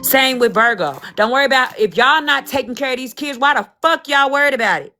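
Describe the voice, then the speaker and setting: A woman's voice: high-pitched, animated, fairly quick, pushed and bright, soft background music. A woman hosting a livestream and talking casually as a mother, ranting in a heated, defiant way and swearing freely.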